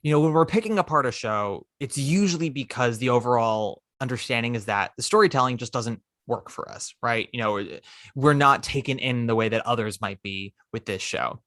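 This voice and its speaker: A man hosting a podcast, casually recounting a musical's plot with lively asides. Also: mid-range voice, dry recording, clean studio sound. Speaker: podcast host. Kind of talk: casual chat.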